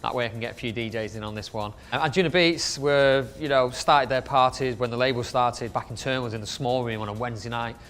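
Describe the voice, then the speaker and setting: A man's voice: medium pitch, steady tone, fairly quick, hardly any pauses, fairly bright tone, faint music behind. A man counting down his favourite club DJs in a casual, rambling way, with many fillers and restarts.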